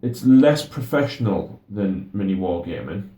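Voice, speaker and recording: A man's voice: low voice, expressive, measured pace, mellow, reverberant. A young man chatting casually as co-host, often stammering and restarting his sentences. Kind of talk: casual chat.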